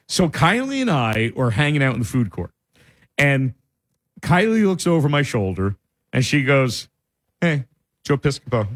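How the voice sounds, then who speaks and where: A man's voice: medium pitch, normal speed. A man co-hosting a radio show, telling stories in casual banter and often breaking into laughter. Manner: laughing storyteller, animated. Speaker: radio co-host. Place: radio studio.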